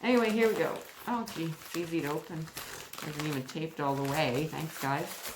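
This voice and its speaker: A Canadian woman vlogger with a deep voice and a moderate pace gushes and giggles as she unboxes crochet mail in a casual vlog. The room is echoey and noisy.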